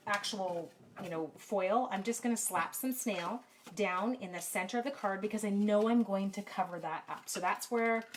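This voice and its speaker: A middle-aged Canadian woman with a medium-pitched voice demonstrates stamping crafts in a live card-making lesson streamed from her home craft room. Chatty and self-mocking, she talks to viewers by name while reading the chat, and slight background noise comes through her camera mic.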